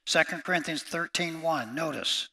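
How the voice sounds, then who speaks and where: A male pastor delivers a sermon in a bright, ringing voice pitched a little high. He is emphatic and hammers home each numbered point by repeating it. He speaks to the congregation directly, calling them friends. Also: normal speed.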